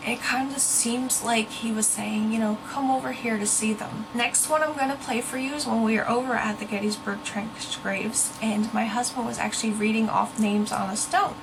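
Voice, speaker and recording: A woman's voice: fairly high pitch, steady tone, moderate pace, few pauses, background noise. A young woman talking earnestly and casually to her viewers, now and then stopping to search for a word. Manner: chatty, earnest, searches for words. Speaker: ghost-hunting vlogger. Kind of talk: casual talk to camera.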